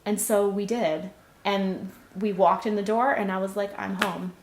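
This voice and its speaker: A woman in her thirties giving an earnest personal testimony as a church volunteer, telling her story with soft laughs. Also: medium pitch, steady tone, moderate pace, slight background noise. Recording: roomy, echoey sound.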